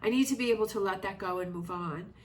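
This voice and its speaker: A woman's voice: medium pitch, fast talker. A woman giving a tarot reading, talking in a reflective, reassuring, rambling way with many fillers. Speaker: tarot reader. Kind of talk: casual tarot reading monologue. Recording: slightly distant mic with faint noise.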